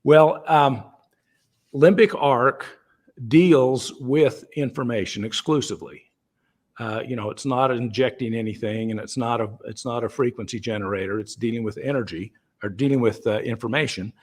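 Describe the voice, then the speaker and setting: A man at a middling pitch talks things through in a relaxed, chatty way on a call. He stops and restarts his sentences and leans on "uh" and "you know". He sounds like a founder explaining his product to listeners. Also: moderate pace. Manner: easygoing and chatty, with frequent fillers and restarts; acts out everyday dialogue in the voices of the people in his examples. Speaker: company founder answering questions.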